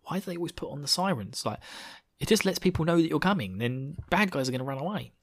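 A man's voice: fairly high pitch, expressive, fast talker. A man recapping a story chapter in a casual, rambling way, with jokes and giggles. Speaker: podcast host.

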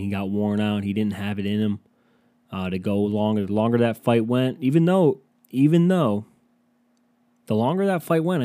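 Laid-back profane man with a mellow voice. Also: on the low side. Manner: rambling, profane, sarcastic. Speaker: podcast host. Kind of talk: casual solo podcast chat.

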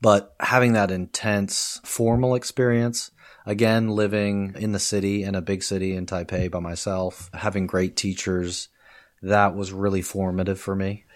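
A man with a fairly low voice talks as a podcast guest. He tells stories in a relaxed, conversational way, often breaking into laughter. The lively storytelling carries a teacher's easy confidence. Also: moderate pace. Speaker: interview guest, Chinese professor. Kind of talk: casual interview chat.

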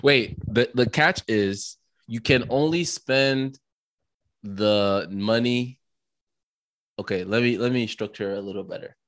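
A man co-hosting a podcast in casual chat, hoarse from illness, agreeable and easygoing. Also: mid-range voice, measured pace, a bit bright, no echo. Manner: agreeable, frequent backchannel "right". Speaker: podcast co-host.

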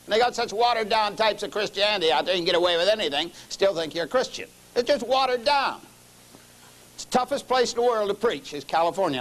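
A man's voice: sits high, low-quality recording. Older man preaching with emphatic repetition. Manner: emphatic, repeats key phrases, addresses audience as friends. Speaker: lecturer and lay preacher. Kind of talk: sermon-style lecture with storytelling.

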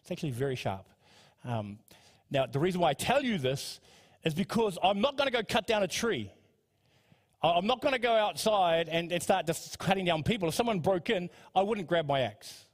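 A man's voice: sits high, lively intonation, normal speed. A man in his fifties preaching a sermon as a pastor, earnest and conversational, with asides to the congregation and frequent repetitions. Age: 50s. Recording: long hall reverb.

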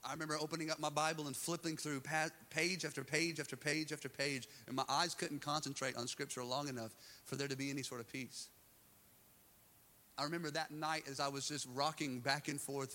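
A man's voice: mid-range voice, bright, forceful tone. A male pastor preaching to a live church congregation, telling a candid personal story with self-deprecating humor. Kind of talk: sermon.

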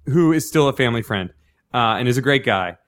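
A young man tells a story in a relaxed chat, piling on fillers and jumping into other people's voices as he recounts what they said. His pitch sits in the middle, and his delivery is loose and chatty. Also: a little fast. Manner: rambling, heavy on "like", acts out other people's lines. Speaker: podcast guest telling a story.

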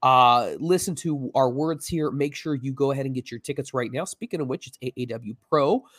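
A man co-hosting a podcast, hyping an event and pushing ticket sales with emphatic, excited talk. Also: mid-range voice, fairly quick, dry recording, clean studio sound. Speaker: podcast co-host. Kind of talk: promotional podcast hype.

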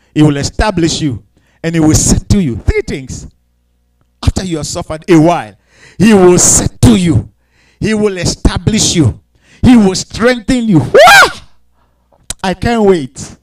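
Man preaching, high voice, very animated, call-and-response, quiet then shouting. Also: low-quality recording. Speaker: pastor. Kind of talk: sermon.

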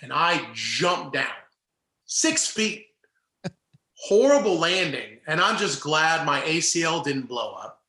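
A man's voice: a little high, slow pace, roomy sound. A middle-aged man, a former ballplayer, telling a story in casual chat and acting out the people in it. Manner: animated, acts out quoted people. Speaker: former baseball player, guest.

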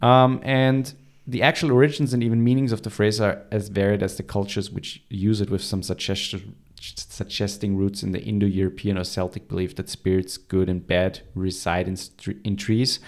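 A man's voice: on the low side, little pitch movement, normal speed, few pauses. A man hosting a podcast, chatting casually and playfully, joking around with silly sound effects and wordplay. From Austria. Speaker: podcast host. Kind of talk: casual chat.

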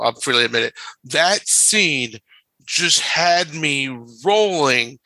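A man's voice: mid-range voice, gravelly, pushed and bright, no room sound, low-quality recording. A man co-hosting a podcast in a casual chat, who laughs easily and repeats words as he restarts his sentences. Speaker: podcast co-host.

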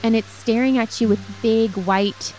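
Higher-voiced woman narrating as game master. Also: steady tone, measured pace, darkish tone, faint music behind, low-quality recording. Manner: descriptive, with frequent restarts and addressing the player by name.

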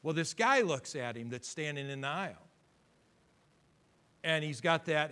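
A man preaching from the pulpit, his voice high and bright. He tells a story through quoted dialogue, then climbs to forceful, near-shouted appeals. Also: a little slow. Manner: retells conversations in quoted voices, builds to shouted exhortation. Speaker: pastor. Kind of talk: sermon storytelling.

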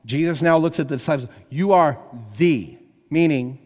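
A man preaching with force, his voice sitting a little high. He swings from raised, driving lines to hushed ones. The room rings with a long reverb. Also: moderate pace. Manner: emphatic, swings between loud and hushed. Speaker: pastor. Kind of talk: sermon.

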